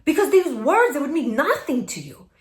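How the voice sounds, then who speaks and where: A woman putting on a Mexican Spanish accent to impersonate a calm, wise actress. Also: high-pitched, normal speed, voice pushed up. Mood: earnest. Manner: paraphrasing with a put-on accent, emphatic. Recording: echoey room.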